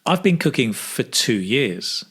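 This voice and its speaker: Slow, lively male English teacher. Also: mid-range voice, husky. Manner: models phrases slowly with exaggerated intonation. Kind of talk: slow, clear pronunciation drill.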